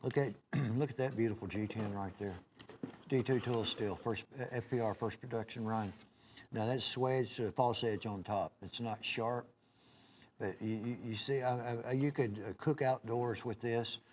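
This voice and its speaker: A man's voice: medium pitch, steady tone, normal speed, darkish tone, a little hiss or hum. Home-shopping host, man, drawl, chatty and rambling, mid-range voice. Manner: folksy, rambling, frequent "uh" and restarts, addresses "folks". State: clearing his throat now and then. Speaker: TV shopping host selling knives. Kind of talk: live home-shopping sales pitch.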